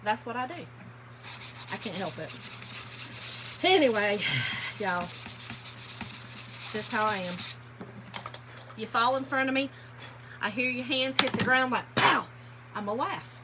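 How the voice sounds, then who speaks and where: Brief: talkative woman, high voice, casual livestream host, workshop sanding noise behind. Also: unhurried, long pauses. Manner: chatty, laughing storyteller, addresses viewers as y'all. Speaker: furniture painting livestream host. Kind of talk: casual livestream chat to viewers.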